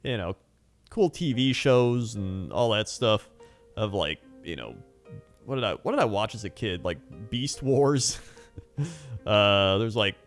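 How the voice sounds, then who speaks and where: A man in his thirties, hosting a hobby channel, telling a rambling personal story in casual chat with fillers and frequent laughs. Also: mid-range voice. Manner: rambling, chatty, laughs often, many fillers.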